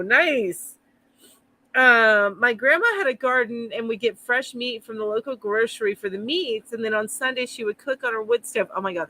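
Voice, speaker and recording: A woman's voice: on the high side, pushed and bright. A woman hosting a live stream, chatting casually and reading out viewer comments, rambling and laughing easily.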